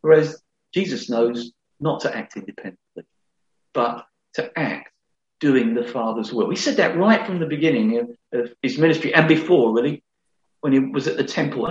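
A man's voice: mid-range voice, animated, normal speed. A middle-aged man preaching a sermon in an earnest, conversational way, often restarting his phrases. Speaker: pastor. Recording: echoey hall, slightly dull sound.

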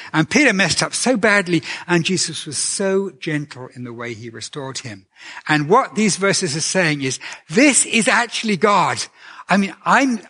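A man giving a conversational sermon as a preacher, earnest and gentle, asking his listeners questions. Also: high voice.

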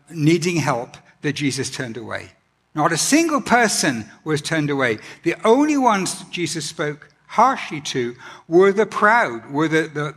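A man preaching a sermon in an earnest, gentle way, often pausing with ums and restarting his sentences. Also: on the high side, breathy edge. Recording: long hall reverb.

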